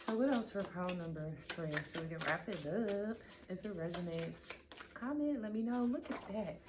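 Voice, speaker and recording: A woman's voice: mid-range voice, animated, moderate pace, background noise. A woman giving a casual tarot card reading, chatty and playful, teasing her viewers and then insisting she is serious. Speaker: tarot reader.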